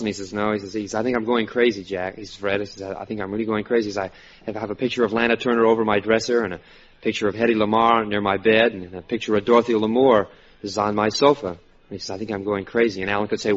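A man's voice: on the low side, fairly even intonation, rapid-fire. A man on a radio panel retelling comic dialogue, stumbling and repeating his words. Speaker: comedy writer panelist. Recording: muffled old radio broadcast, audience behind.

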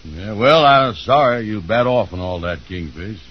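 A man playing a slow, good-natured, gullible male friend with a puzzled drawl in 1940s radio acting. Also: fairly low pitch, animated, slightly rough. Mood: firm. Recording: muffled old radio recording, faint hiss.

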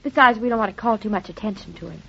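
An actress playing a playful, breezy young wife in old radio drama style. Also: female voice, medium pitch, very fast, vocal fry, a bit bright, slightly rough. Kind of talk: 1940s radio acting. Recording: dull lo-fi old radio recording.

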